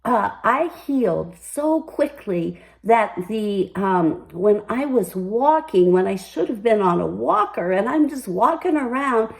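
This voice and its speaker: A woman's voice: mid-range voice, animated, unhurried, vocal fry, hardly any pauses, poor audio. An older woman hosting a personal commentary, telling her story in an emphatic, upbeat way. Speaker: commentary host.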